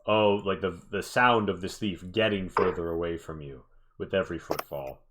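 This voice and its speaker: A man with a fairly low voice narrates a tabletop game as game master, wandering through his descriptions with plenty of ums and asides. A faint hiss of noise sits under the recording. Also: moderate pace. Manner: rambling, joking, many fillers.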